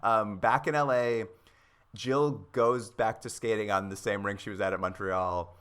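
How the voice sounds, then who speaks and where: Bright-voiced man recapping a show. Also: lowish voice, measured pace, smooth. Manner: animated, sarcastic, acts out quotes. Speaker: podcast co-host. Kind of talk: casual chat recapping a TV episode.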